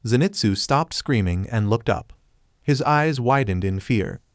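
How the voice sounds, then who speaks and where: A man's voice: mid-range voice, animated, a little slow, no room sound. Man narrating a fan story, dry sound.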